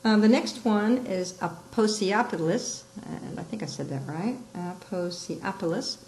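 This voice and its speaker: Expressive woman teaching a lesson. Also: mid-range voice, unhurried, a little hiss or hum, poor audio. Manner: explains with examples, acts out quoted lines expressively. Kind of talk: recorded lesson on rhetorical terms.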